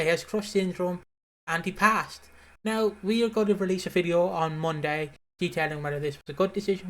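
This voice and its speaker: A podcast co-host from the UK, recapping a soap episode in a casual, unhurried way with some fillers. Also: mid-range voice, a bit bright. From United Kingdom.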